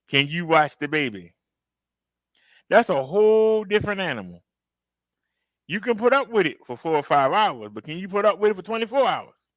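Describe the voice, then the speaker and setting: Hosting a reaction video, a man speaks a little fast in a high-pitched voice with big pitch swings, and there's no echo. He chats casually and emphatically, talking directly to viewers and acting out outbursts while telling his story.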